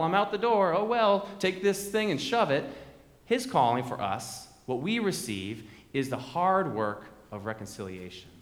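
A man's voice: mid-range voice, fairly bright tone. A man preaching a sermon as pastor, conversational and fond of repeated refrains, in a large church sanctuary. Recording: echoey hall with long reverb.

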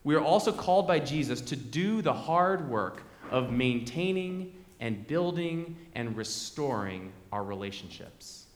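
A man's voice: mid-range voice, lively intonation, unhurried, hardly any pauses. A man preaching a sermon as pastor, conversational and fond of repeated refrains, in a large church sanctuary. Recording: echoey hall with long reverb.

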